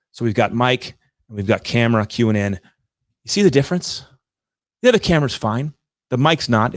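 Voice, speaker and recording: A man's voice: mid-range voice, no echo. A man hosting a live show, giving direct, emphatic coaching talk with points repeated for effect, in a room with large windows on a studio microphone.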